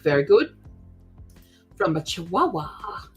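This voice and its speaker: Chatty woman streamer, low-pitched voice. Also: very animated, husky, soft background music. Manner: chatty, laughs often, quick asides to chat. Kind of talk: casual live-stream chat.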